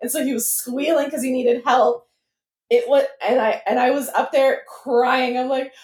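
A woman's voice: high voice, normal speed. Young woman telling a story in an echoey room. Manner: animated storytelling, swearing freely. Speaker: podcast co-host. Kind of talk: casual chat.

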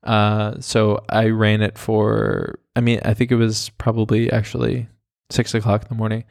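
A man's voice: lowish voice, completely flat delivery, normal speed, creaky, dry recording, studio quality. A young man hosting a podcast, telling a story casually with lots of fillers and swearing. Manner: rambling, profane, full of fillers like "like". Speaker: podcast host.

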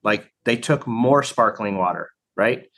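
A man's voice: lowish voice, a little slow, a bit bright. Reflective man with many fillers. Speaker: guest, training program director. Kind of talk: casual conversation.

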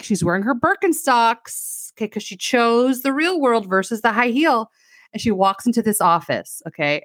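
A medium-pitched woman co-hosting a podcast runs through a film's plot in sardonic, casual chat, acting out the lines she quotes. "Like" comes up very often in her animated storytelling. The sound is clean studio audio with no room tone.

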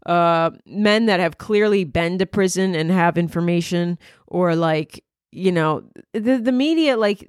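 A woman comedian hosts her podcast, rambling through a crude monologue that mocks herself. Her voice sits at a medium pitch, recorded dry with clean studio sound.

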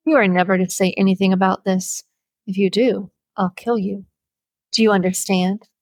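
A woman voicing a brutal, abusive farmer father with a gruff, threatening manner, in a plain, close, dry audiobook read. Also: medium pitch, flat delivery, moderate pace, dry recording, natural voice. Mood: harsh. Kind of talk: audiobook character voice.

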